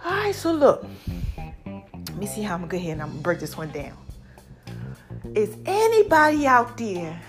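A middle-aged woman in a casual motivational vlog, chatty and animated, repeating catchphrases, her voice a little deepened by allergies. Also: moderate pace, long pauses, faint music behind. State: voice a bit deep from allergies. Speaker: online personality talking to followers.

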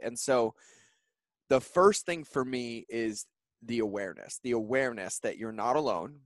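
A man in his thirties, a podcast guest, telling an emotional personal story in an earnest, heartfelt way with fast run-on phrasing. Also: mid-range voice, no room sound. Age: 30s.

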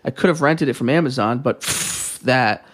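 A man co-hosting a podcast in casual chat, reading out a list in a jokey, animated way and swearing freely. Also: medium pitch, moderate pace. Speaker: podcast co-host reading a listener email.

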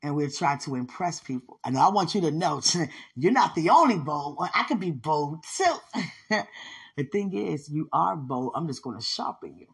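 A woman with a deep, animated voice and a breathy edge talks at normal speed as host of a spiritual podcast. She speaks fervently to her listener, laughing often and exclaiming as she testifies with rising fervor.

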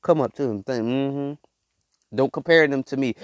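A man's voice: mid-range voice, measured pace, no room sound. Emphatic man giving a dry-voiced pep talk. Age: adult father. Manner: repetitive, emphatic, conversational slang. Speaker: podcast host. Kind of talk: motivational monologue.

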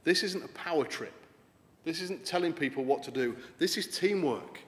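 A man's voice: on the high side, animated, normal speed. A man preaching a sermon in an earnest, conversational way, lifting his voice for emphasis. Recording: long hall reverb.

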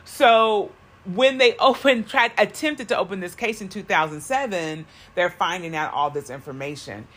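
A woman's voice: mid-range voice, moderate pace, fairly bright tone. A woman co-hosting a podcast in a car, talking in a rambling way with many fillers and self-corrections. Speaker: podcast co-host. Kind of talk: casual podcast chat.

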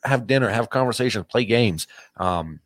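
Brief: low-pitched man, easygoing officiant, loose rambling talk, dry close sound. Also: lively intonation, normal speed, no room sound. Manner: rambling, restarts a lot, laughs easily. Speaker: wedding officiant. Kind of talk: casual chat.

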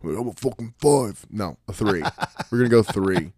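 A man's voice: fairly low pitch, expressive, a little fast, darkish tone, breathy edge, dry recording, clean studio sound. A man in his thirties, from New Jersey, chatting casually on a podcast, swearing often and acting out the people in his stories. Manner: profane, storytelling, acts out quoted voices. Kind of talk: casual chat.

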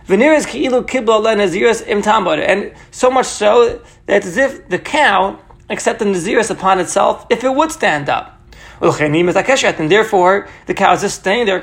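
A man's voice: sits high, animated, moderate pace, vocal fry. A man teaching a Mishnah passage, reading Hebrew phrases aloud and explaining each one in English, often checking in with "right?". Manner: reads Hebrew phrases then paraphrases in English, asks "right?". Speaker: Talmud teacher.

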